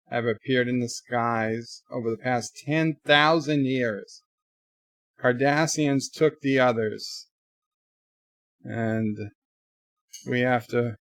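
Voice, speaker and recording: Slow, dry-voiced man retelling a show. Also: medium pitch, a bit bright, no echo. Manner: casual plot retelling with quoted lines and asides. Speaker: show reviewer. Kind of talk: live reaction commentary.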